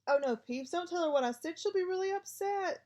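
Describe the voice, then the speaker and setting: A woman voicing an earnest schoolgirl who speaks anxiously and in a falsely bright tone. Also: high-pitched, lively intonation, brisk, pitched above the performer's own voice.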